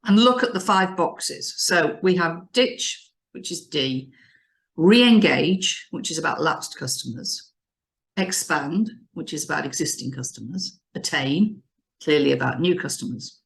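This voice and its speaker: A woman business advisor explaining customer strategy in an animated, emphatic way, often restarting her phrases. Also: low-pitched, a little slow, vocal fry. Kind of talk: business advice discussion.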